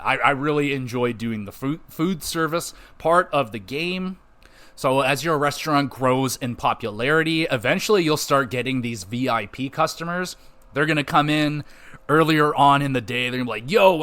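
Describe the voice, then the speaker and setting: A man's voice: medium pitch, fairly bright tone. Dude on a podcast rambling about a game he liked, swears a lot, says like and yeah constantly. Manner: loose and rambling, swears casually, many fillers. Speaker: podcast host reviewing a game. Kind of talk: casual spoken review.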